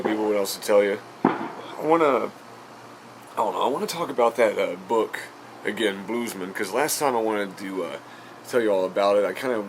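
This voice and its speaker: A male podcast host tells a story in a loose, rambling way. He talks in a low voice, with plenty of fillers, and drops casual curse words. There is a faint hum of noise behind him.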